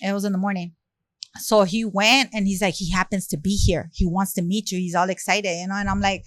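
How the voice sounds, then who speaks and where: In a casual interview, this rapper from South Central Los Angeles tells her story briskly in a middle-pitched voice. She animates all the quoted lines and keeps things flowing with plenty of "like" and "you know," and the close, dry sound carries no room ambience.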